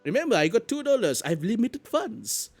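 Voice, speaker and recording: A live streamer, chatting casually in an animated storytelling way and often repeating or restarting phrases. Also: mid-range voice, brisk, soft background music. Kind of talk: casual chat explaining economics.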